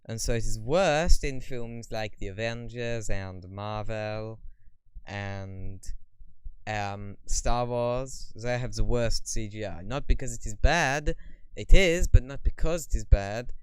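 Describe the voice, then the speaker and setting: A man chatting on a live stream, reading viewer questions aloud and answering them in a rambling, wry, deadpan way. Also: on the low side, takes it slowly, smooth, no room sound. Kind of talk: casual live stream chat.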